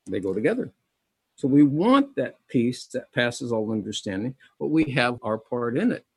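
A man's voice: mid-range voice, big pitch swings, moderate pace, a little mellow, husky, no room sound. A middle-aged man preaching a sermon, reading scripture aloud and repeating key phrases with emphasis, calling his listeners brethren.

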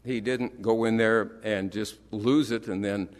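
A man's voice: fairly low pitch, steady tone, a little slow, long reverb tail. A middle-aged man preaching a sermon in a conversational way, with rhetorical questions and dry irony. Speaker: pastor.

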